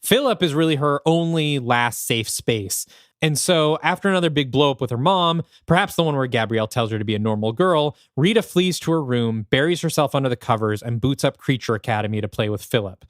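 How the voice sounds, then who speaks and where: A man's voice: medium pitch, fairly quick, dry recording. Podcast guy telling a story idea, mid voice, pretty dry sound. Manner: animated, thinking aloud. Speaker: podcast co-host. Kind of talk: storytelling pitch.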